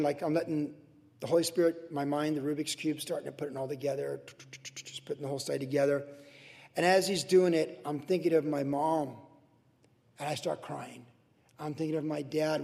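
An older man preaching a sermon from the pulpit in an earnest, emotional way, swinging from soft to loud. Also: fairly high pitch, big-room sound. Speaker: pastor. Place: church sanctuary.

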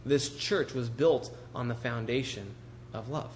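Guy giving a sermon, mid pitched voice, talks casual with lots of questions to the crowd, faint noise behind. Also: a little slow. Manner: conversational, asks rhetorical questions. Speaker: pastor.

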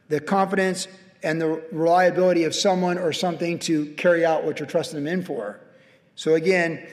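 Recorded with long hall reverb in a church sanctuary, a middle-aged male pastor preaches. His voice is high-pitched with a darkish tone, and his conversational sermon climbs toward forceful exhortation.

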